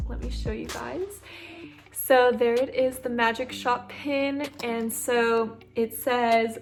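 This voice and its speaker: A woman with a high, bright-sounding voice talks through an unboxing video, gushing with excitement and exclaiming over every detail. Music plays behind her. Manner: gushing, excitable, lots of "oh my gosh". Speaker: vlogger.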